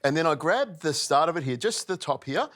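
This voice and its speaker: A man's voice: fairly high pitch, animated, brisk, fairly bright tone. A middle-aged man, a chef hosting a cooking demonstration, chatty and playful as he explains each step. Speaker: chef host.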